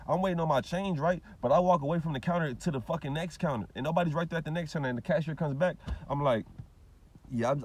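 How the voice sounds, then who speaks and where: Fast-talking man ranting profanely. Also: medium pitch, a little mellow. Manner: profane, rambling, repetitive storytelling. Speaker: vlogger. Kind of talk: ranting monologue to camera.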